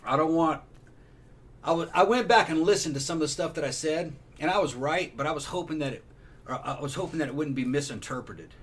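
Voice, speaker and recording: Brief: raspy man, podcast host, emphatic and opinionated, curses a lot. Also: a little high, a little fast. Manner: emphatic, opinionated, swears often. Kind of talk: casual chat.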